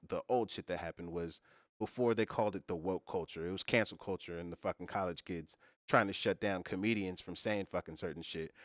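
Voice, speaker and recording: A man with a lowish voice, recorded dry and close. He hosts a casual podcast chat and explains his view at length, swearing freely as he goes. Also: fairly bright tone, dry recording. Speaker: podcast host.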